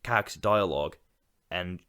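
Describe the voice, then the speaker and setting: This is a man with a low, deep voice chatting casually about films as a podcast co-host. He is reflective and agreeable, and he often backs up his partner with quick affirmations. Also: bright, forceful tone, smooth. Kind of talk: casual film discussion.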